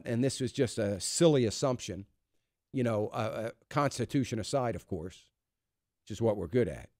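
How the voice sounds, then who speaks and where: A man's voice: mid-range voice, a little mellow, no echo, clean studio sound. A man hosting a talk radio show, giving emphatic, conversational commentary full of fillers and restarts. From United States. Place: radio studio.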